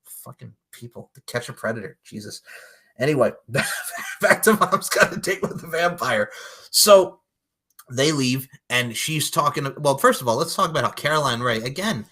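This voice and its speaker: Animated, profane man recapping a movie. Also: medium pitch, normal speed, husky. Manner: animated, profane, acts out characters' lines. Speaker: podcast co-host. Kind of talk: casual movie recap chat.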